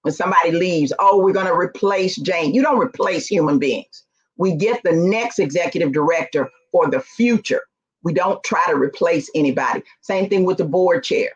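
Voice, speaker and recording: A woman speaking at a conference about how boards should work, lively and emphatic as she tells her stories. The recording sounds dull and lo-fi, with the top end muffled. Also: fairly low pitch, normal speed, breathy edge. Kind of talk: conference talk.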